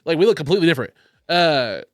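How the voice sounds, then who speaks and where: Podcast host guy, jokey and sweary, slightly high voice, dry mic. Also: racing, no echo. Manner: joking, swears freely, animated rants. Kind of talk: casual comedy podcast chat.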